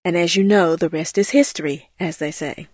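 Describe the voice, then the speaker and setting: A woman's voice: fairly low pitch, normal speed, darkish tone, no room sound, clean studio sound, lightly acted. A woman voicing an earnest, grateful churchgoing woman in an amateur audio drama, speaking heartfelt and sincere. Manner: heartfelt, earnest, often says his name.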